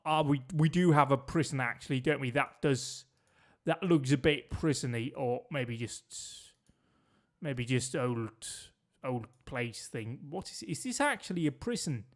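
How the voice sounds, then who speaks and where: A man's voice: mid-range voice, animated, unhurried. A man streaming a geography guessing game, chatting and joking with his viewers as he plays. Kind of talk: casual gameplay commentary.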